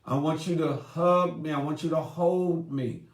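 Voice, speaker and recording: A man's voice: measured pace, close to an everyday voice. A man speaking as an upset, tearful woman who pleads to be heard instead of fixed. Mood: pleading. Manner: pleading, emotional high-pitched delivery. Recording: roomy echoey room.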